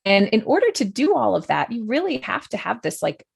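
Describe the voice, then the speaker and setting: Creaky-voiced woman talking about parenting. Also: on the high side, big pitch swings, a little fast. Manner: thoughtful, many fillers and restarts. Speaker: guest, journalist. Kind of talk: conversational podcast interview.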